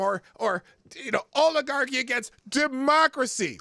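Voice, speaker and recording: A man's voice: on the high side, expressive, normal speed, pushed and bright, dry recording, studio quality. A man hosting a political commentary livestream, blunt and profane, rambling with restarts and short laughs. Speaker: host.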